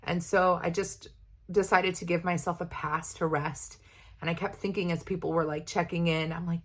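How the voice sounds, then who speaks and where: A young woman holds a candid, chatty chat with her viewers, rambling a little as she goes. Her voice sits slightly low for a woman, relaxed and conversational. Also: moderate pace. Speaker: vlogger. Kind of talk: casual chat.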